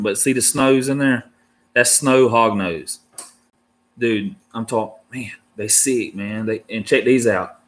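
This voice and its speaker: A married man chatting casually to his viewers as a reptile keeper, with a laid-back, slangy way of talking full of "dude" and "man". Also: lowish voice. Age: adult, married. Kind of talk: casual rambling chat to viewers.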